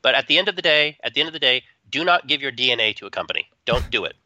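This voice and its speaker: A man co-hosting a tech podcast, chatting in an animated, joking way with quick asides. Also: mid-range voice, dry recording. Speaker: podcast co-host. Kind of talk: casual opinionated chat. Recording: dull dry close-mic sound.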